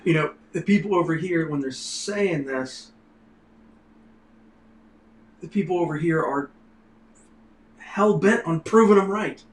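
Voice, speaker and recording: A man's voice: fairly high pitch, measured pace, long pauses. Male co-host, loose and rambling, casual discussion, roomy sound. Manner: rambling, leans on "you know". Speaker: livestream co-host. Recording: roomy with faint noise.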